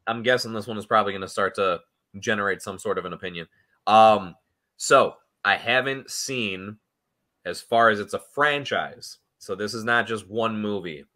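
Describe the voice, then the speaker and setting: Low-voiced man rambling in casual chat. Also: moderate pace, bright, forceful tone. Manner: rambling, hesitant with frequent ums. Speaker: podcast panelist.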